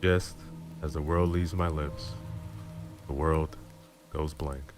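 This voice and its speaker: A man reading a dramatic story aloud in a low, slow, intimate manner. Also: steady tone. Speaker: storyteller streamer. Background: background music and rain.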